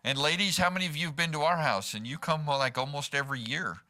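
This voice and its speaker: Here a man preaches as pastor, his fairly high voice quick, pushed, and bright. Inside the church sanctuary he stays conversational, repeatedly asking the congregation a rhetorical "right?"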